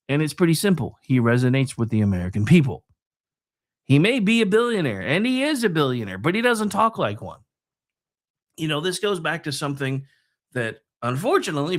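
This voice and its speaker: A man hosting a political talk show, delivering a sarcastic, digressive commentary monologue that swings between loud and soft. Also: a little high, big pitch swings, fairly quick.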